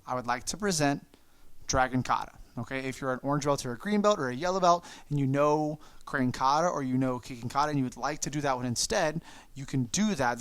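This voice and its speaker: A man's voice: mid-range voice, dry recording. A man teaching an online kids' martial arts class, calling out moves, counting and encouraging the students. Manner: coaching, encouraging, calls out moves and kiai shouts.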